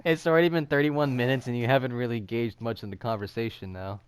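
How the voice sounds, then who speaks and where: A man's voice: mid-range voice, steady tone, quick pace, smooth. A young man hosting a casual podcast, rambling and laughing often between thoughts. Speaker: podcast host. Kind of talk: casual podcast chat in a VR game.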